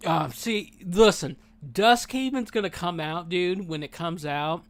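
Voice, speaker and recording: A man chatting casually while he plays a game, rambling and animated, saying dude a lot, and talking with his mouth full while he eats. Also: high voice, measured pace. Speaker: gaming streamer. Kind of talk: casual gameplay chat.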